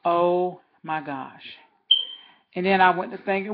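A woman's voice: fairly low pitch, normal speed, lo-fi sound. A woman vlogger telling a rambling story in a casual, chatty way, talking straight to her viewers.

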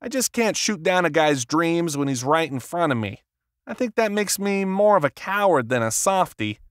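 Performing as an audiobook character, a man voices a gruff, sardonic middle-aged literary agent whose speech is brusque, clipped and sarcastic, with a wry mood. He pitches the voice on the high side, above his own, yet it stays close to an everyday voice. The delivery is expressive at normal speed, recorded in a clean studio with no room sound.

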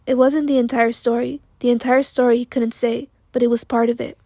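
A woman with a hoarse voice reading an audiobook in a slow, steady, sombre way. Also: a little high, no echo. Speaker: audiobook narrator. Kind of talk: audiobook narration.

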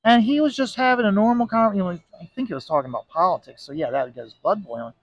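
Emphatic ranting man with a bright, higher voice. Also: animated, fast talker, dry recording, muffled recording. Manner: ranting, emphatic, repeats "okay?". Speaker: comic book inker and video host. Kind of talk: casual monologue vlog. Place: bar.

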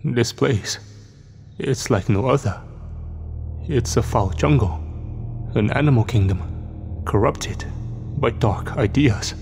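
A man voicing an unhinged, grief-worn older doomsday prepper who speaks quietly and wearily. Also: mid-range voice, slow pace, vocal fry, pauses often, long reverb tail, faint music behind. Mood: weary, haunted. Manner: quiet, weary, haunted.

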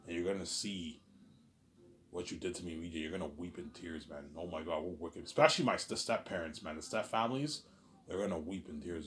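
Deep-voiced man in a rambling monologue. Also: fast talker. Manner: repetitive, often trailing off quietly; intense, swearing. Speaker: vlogger.

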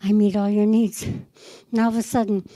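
A woman's voice: mid-range voice, little pitch movement, normal speed, dark tone, no echo, poor audio. A middle-aged woman pastor preaching a fervent sermon, acting out conversations with the Lord. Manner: fervent, quotes the Lord in dialogue.

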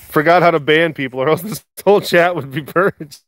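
A man's voice: on the high side, brisk, hardly any pauses, a bit bright, dry recording. A man hosting a live stream, reading viewer comments with playful teasing and frequent laughter. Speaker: livestream host at a big cat facility.

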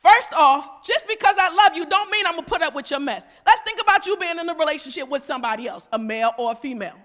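High, bright-voiced woman preaching. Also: expressive, fast talker. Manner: conversational preaching, mimics voices, asks the congregation questions; swings between loud emphatic shouts and quiet asides. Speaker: pastor. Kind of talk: lively casual sermon.

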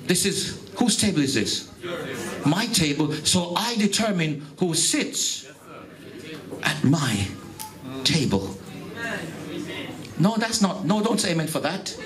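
A man's voice: on the high side, sing-song, takes it slowly, long pauses, crowd noise. A Jamaican-born man preaching a sermon to his congregation, emphatic and repeating his phrases, calling out to the listeners. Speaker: pastor. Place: church hall.

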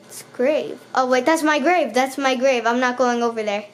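A woman's voice: high voice, moderate pace. A woman playing a video game and commentating it, often panicking and repeating words in bursts as she talks back to the enemies. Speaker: gaming channel host. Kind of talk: let's play commentary.

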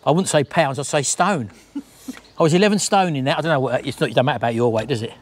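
A man's voice: medium pitch, quick pace. A middle-aged man, chatting casually to camera at home, jokey and rambling. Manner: chatty, rambling, jokey, calls wife baby. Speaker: vlogger host.

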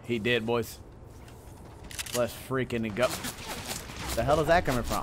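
A young man streaming a game, talking in excitable slang, swearing and calling everyone bro. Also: medium pitch, a little slow. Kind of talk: live gameplay commentary. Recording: noisy with clicking keys.

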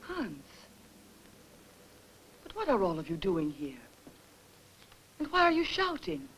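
A defiant young woman in a dubbed period horror film. She is high-strung and fierce, and her voice climbs into cries. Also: wildly swooping pitch, slow pace, a bit bright, a little hiss or hum, exaggerated voice, low-quality recording. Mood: worried. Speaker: professor's daughter.

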